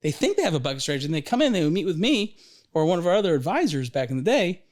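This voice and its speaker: Middle-aged man chatting, pitched a bit high. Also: very fast. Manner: lively, rambling, with frequent restarts. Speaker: podcast host, financial advisor. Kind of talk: casual storytelling conversation.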